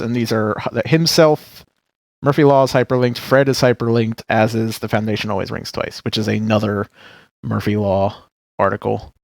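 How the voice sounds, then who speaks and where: A man's voice: on the low side, steady tone, moderate pace, creaky, no room sound. A man co-hosting a podcast, reading a wiki article aloud in an amused way. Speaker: podcast co-host.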